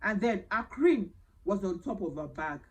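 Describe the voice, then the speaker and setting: A Nigerian woman recounts a story to her camera in a casual storytime style. She tells it with animated, dramatic energy and slips into Pidgin phrases. Her voice sits at an ordinary middle pitch, recorded close on a camera mic. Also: normal speed, low-quality recording. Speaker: vlogger telling a personal story.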